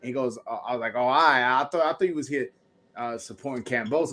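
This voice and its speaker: A man's voice: medium pitch, fast. A man hosting a casual boxing chat, brash and profane as he tells stories. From Brooklyn, New York. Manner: brash, loud, profane storytelling. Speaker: podcast host.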